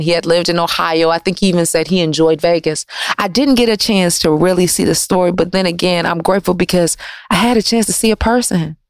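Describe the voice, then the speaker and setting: Candid woman telling a story, dry studio sound. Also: no echo. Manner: candid, reflective, swings in pitch and pace for emphasis. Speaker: vlogger recounting a personal story. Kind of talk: casual storytelling monologue. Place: recording studio.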